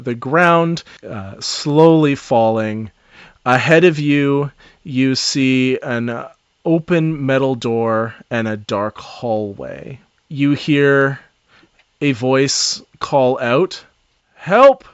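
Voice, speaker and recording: A man's voice: medium pitch, very slow, smooth, no echo, dull audio. A man narrating a tabletop game as dungeon master, loose and chatty with fillers, often laughing.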